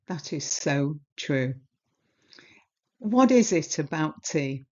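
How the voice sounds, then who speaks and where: Woman, history presenter, low-ish voice, dull lo-fi recording, chatty storyteller. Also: lively intonation, takes it slowly, pauses often, a little mellow. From Britain. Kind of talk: illustrated history talk. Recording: dull lo-fi sound.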